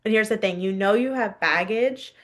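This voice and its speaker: A woman's voice: medium pitch, normal speed, a bit bright. A woman in her thirties, a podcast guest, telling a personal story candidly and laughing now and then.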